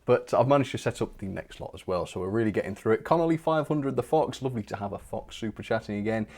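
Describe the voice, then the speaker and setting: Chatty man, lowish voice. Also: expressive, quick pace, darkish tone. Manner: chatty, cheerful, frequent fillers and small laughs. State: a bit out of breath. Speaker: host of a model railway live stream. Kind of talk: live stream chat, thanking viewers.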